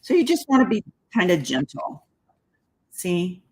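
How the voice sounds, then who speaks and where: Slow, lively woman demonstrating card-making. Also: lowish voice, poor audio. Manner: chatty, talks while working, laughs at own slips. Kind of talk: casual crafting tutorial.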